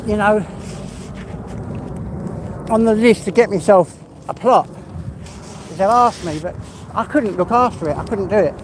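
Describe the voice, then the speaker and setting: Walking his dog outdoors along a traffic-filled city street, a man with an East London accent chats live for his vlog. His voice is high-pitched, and he takes it slowly with frequent pauses, rambling casually and swearing mildly amid the street noise.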